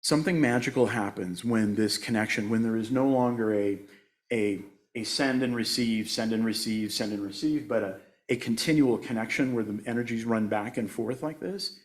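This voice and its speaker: A man's voice: lowish voice, moderate pace. A man in his sixties giving a conversational sermon as a guest speaker at a church, joking at his own expense and laughing often. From United States. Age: 60s. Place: church sanctuary.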